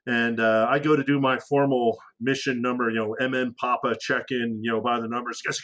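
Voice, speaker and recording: Animated middle-aged man telling war stories. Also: mid-range voice, brisk, few pauses. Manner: animated storyteller who acts out radio calls with sudden loud raised lines; frequent restarts and fillers, profane casual military slang. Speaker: podcast guest, former fighter aircrew. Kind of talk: casual storytelling interview.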